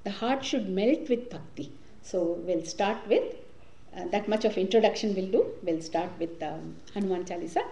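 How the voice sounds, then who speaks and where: A woman leading a devotional class and telling a story in a lively way, sprinkling in Hindi words. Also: medium pitch, moderate pace. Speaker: spiritual class leader. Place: community hall or temple room. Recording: echoey room recording.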